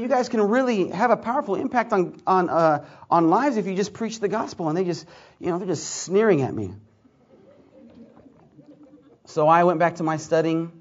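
A man with a high voice preaches a story and acts out each person's lines with lively energy. The recording sounds muffled and lo-fi. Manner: animated storyteller acting out dialogue. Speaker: pastor. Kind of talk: sermon storytelling.

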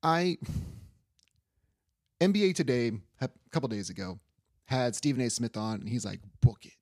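A man's voice: mid-range voice, sing-song, moderate pace, dry recording, studio quality. Casual young man hosting a sports podcast. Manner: loose, rambling, swears casually. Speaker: podcast host.

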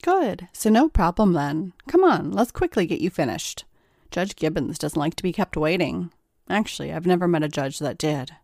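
Brisk, coaxing young woman hurrying someone along, low-pitched, as a narrator plays her. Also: animated, vocal fry, a little mellow, no room sound, studio quality.

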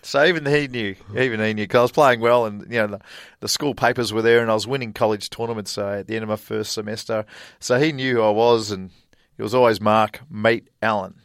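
A man's voice: lowish voice, fairly even intonation, brisk, few pauses, smooth, dry recording, clean studio sound. A middle-aged Australian man, a golfer guest, telling stories in a casual interview, full of fillers and laughs. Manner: chatty anecdotal storyteller with frequent fillers and laughs.

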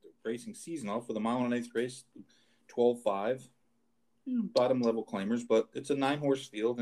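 A man hosting a horse racing talk show, talking casually with many pauses and restarts. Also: mid-range voice, dark tone. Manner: halting, with many fillers and restarts. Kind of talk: casual chat.

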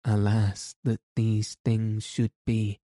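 A man's voice: on the low side, monotone, slow pace, warm tone, no echo, studio quality. A man reading as a grave, mocking outlaw chief. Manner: mock-solemn, courteous. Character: grave, courteous male outlaw leader, gently mocking. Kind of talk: audiobook character reading.

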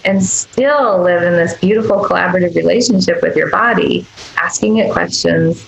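Earnest woman with a gravelly voice. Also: on the low side, normal speed, reverberant, rough recording. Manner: earnest, emphatic, acts out tender quoted asides. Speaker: guest doctor. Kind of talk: podcast interview conversation.

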